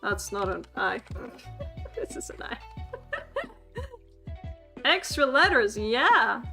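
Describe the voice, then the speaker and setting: Lady streamer, high bright voice, giggles a lot while teaching, faint music behind. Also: very animated, extremely slow, creaky. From Sweden. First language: Swedish. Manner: giggly, laughs often, playful and chatty with chat. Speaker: streamer teaching a language class. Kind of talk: livestreamed language lesson.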